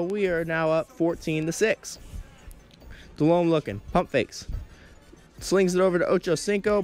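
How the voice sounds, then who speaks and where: A teenage boy doing play-by-play commentary over his football video game, often tripping over his words and apologizing. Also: on the high side. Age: teens. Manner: stumbles over words, self-deprecating asides. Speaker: gameplay commentator. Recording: game music in background.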